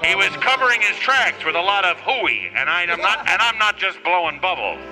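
A man playing a hard-boiled detective, narrating in clipped, deadpan noir style over music. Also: high-pitched, brisk, low-quality recording.

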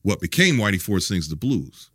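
With a deep, sing-song voice that's fairly bright and a little breathy, this middle-aged interview guest tells candid stories. He's loose and profane, with halting restarts, and voices the people he quotes. The studio-quality recording is dry.

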